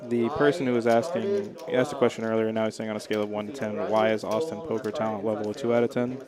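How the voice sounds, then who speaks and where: A man's voice: on the low side, flat delivery, fast, a loud crowd. A man co-commentating a live poker game in a casual, analytical, conversational way.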